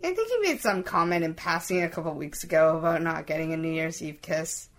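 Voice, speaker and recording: A woman's voice: low-pitched, expressive, brisk, fairly bright tone. A woman co-hosting a casual chat, teasing her co-host and laughing often. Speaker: podcast co-host.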